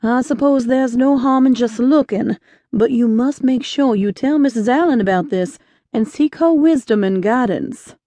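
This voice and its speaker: A woman reading an audiobook, voicing a kindly, cautious older male shopkeeper in a gentle, fatherly way. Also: on the high side, moderate pace, no room sound, close to an everyday voice.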